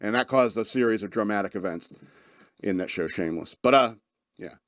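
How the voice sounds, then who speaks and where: A man's voice: fairly low pitch, a little fast, fairly bright tone, no room sound, clean studio sound. A man hosting a radio podcast in a casual monologue, rambling and laughing often as he acts out the people he describes. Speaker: podcast host.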